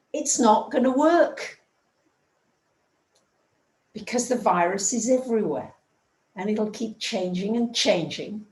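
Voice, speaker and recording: A woman's voice: mid-range voice, darkish tone, echoey room, poor audio. A woman telling a story in a chatty way and acting out the dialogue in a casual astrology talk.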